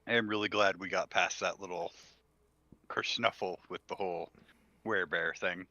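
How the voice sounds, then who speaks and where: A man playing a tabletop game, speaking his character's lines slowly and hesitantly. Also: sits low, fairly even intonation, bright, forceful tone, no echo, highs cut off. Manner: slow, hesitant with fillers. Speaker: player. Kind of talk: in-character tabletop role-play.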